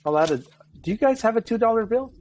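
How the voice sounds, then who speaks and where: A middle-aged man hosting a podcast, telling stories in talkative, animated casual chat. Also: very high-pitched, fast talker. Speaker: podcast host.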